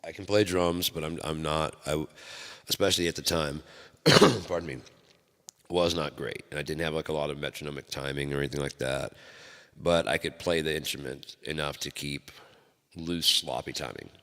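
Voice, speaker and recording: Host type: a very low-voiced man telling stories in a loose, profane ramble, with a reverb tail. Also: fairly even intonation, normal speed, fairly bright tone. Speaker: channel host. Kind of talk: rambling solo talk. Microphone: microphone. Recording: long hall reverb.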